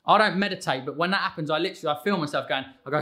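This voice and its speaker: A man in his thirties talks as a podcast guest. His voice is a little high and bright. He speaks with eager energy and often restarts his sentences. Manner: energetic, quick restarts and repeated words. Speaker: guest, fitness coach. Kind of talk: casual podcast conversation.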